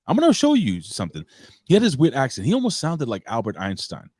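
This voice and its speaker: A man's voice: mid-range voice, wildly swooping pitch, fast talker, a little mellow, breathy edge, no echo. A man, co-hosting a casual podcast and telling a rambling, profane story. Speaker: co-host.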